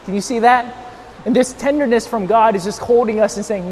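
A man preaches with a high voice, swinging from near-shouted emphasis to gentle, hushed moments as he strains to carry without a monitor. His voice rings in a reverberant hall. Faint background noise sits underneath. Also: brisk. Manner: swings between loud, near-shouted emphasis and softer, tender passages. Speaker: pastor. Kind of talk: sermon.

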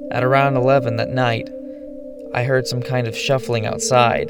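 A man narrating a first-person horror story in a measured, ominous storytelling manner. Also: medium pitch, creaky. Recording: narration over music.

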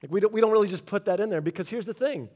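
Conversational preacher with a lightly raised voice. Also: male voice, high-pitched. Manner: conversational preaching with humorous asides, drops quiet and slow for solemn points. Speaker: pastor. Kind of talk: sermon.

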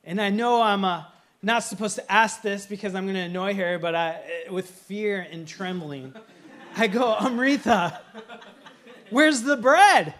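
Very high-voiced man preaching a sermon. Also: normal speed, a bit bright. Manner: earnest and emphatic, breaking into playful humor. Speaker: pastor.

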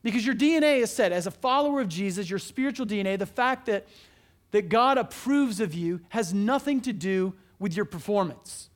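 A man's voice: high-pitched, lively intonation, a little fast. A man preaching a sermon as pastor, earnest and conversational, asking his listeners questions and restarting his sentences often.

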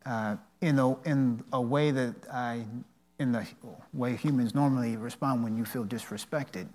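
An earnest man giving a devotional teaching in a mid-range voice. He tells personal stories in a halting way and often restarts his sentences. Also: medium pitch, darkish tone.

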